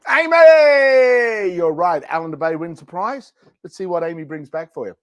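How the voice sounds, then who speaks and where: Playful higher-voiced male product host. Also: quick pace, background noise. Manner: playful, jokey, rambling. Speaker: livestream shopping host. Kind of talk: casual product demo chat.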